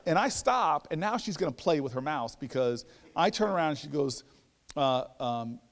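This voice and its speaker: Male lecturer, lively self-mocking storyteller, raised pitch swinging widely, reverberant hall. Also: moderate pace. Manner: animated, self-mocking, with stammered repeats. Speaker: guest lecturer. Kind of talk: storytelling speech.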